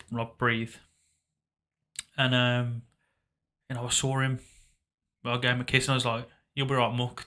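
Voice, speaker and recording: Bright-voiced man, halting. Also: medium pitch. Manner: halting, reflective, trailing off into quiet asides. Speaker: podcast co-host. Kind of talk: casual emotional conversation.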